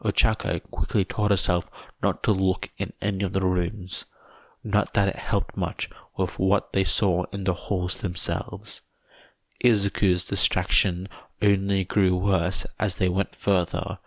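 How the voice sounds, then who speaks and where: A man reading fan fiction aloud as a podfic narrator, in a measured, even way. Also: low-pitched, no room sound. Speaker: podfic reader.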